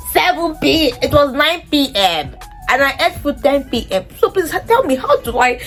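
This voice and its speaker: A young woman with a Nigerian English accent telling a personal story to her vlog audience, lively and acting out what people said. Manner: animated, acts out quoted dialogue in a much higher voice. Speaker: vlogger. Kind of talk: casual storytelling.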